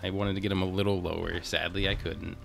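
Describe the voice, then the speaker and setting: Let's play host: deep gravelly male voice, rambling casual commentary, faint game music behind. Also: level tone, quick pace. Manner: chatty, talks to himself and the game, frequent restarts.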